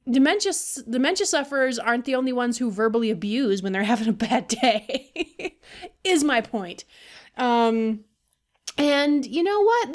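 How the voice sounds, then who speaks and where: A woman ranting casually to her viewers in a blunt, profane, rambling way, full of fillers and swearing. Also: sits high. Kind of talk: casual rant to camera.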